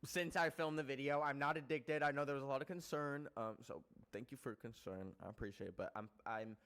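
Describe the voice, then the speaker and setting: A young man hosting a casual podcast, rambling with lots of filler words and swearing, jumping from loud outbursts to soft muttered asides. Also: mid-range voice, fairly quick, clean tone. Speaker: podcast host.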